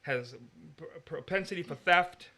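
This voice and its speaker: Man, Bible teacher, fairly high voice, argumentative and emphatic in discussion. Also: unhurried, bright, forceful tone.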